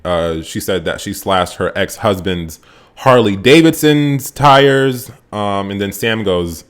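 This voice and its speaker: A man casually recapping a reality show episode, sarcastic and animated, swearing freely as his voice jumps up with excitement. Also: fairly low pitch, slow pace. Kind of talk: casual profane recap commentary.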